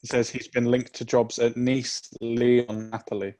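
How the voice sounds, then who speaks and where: A man's voice: medium pitch, level tone, a little slow, a little mellow. Man, football podcast co-host, jokey, quizzing, casual chat.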